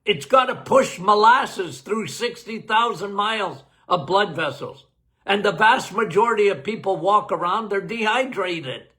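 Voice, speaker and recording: Folksy, high, animated male doctor. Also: unhurried. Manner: emphatic, folksy, laughing. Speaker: doctor hosting a health Q&A. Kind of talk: casual live Q&A.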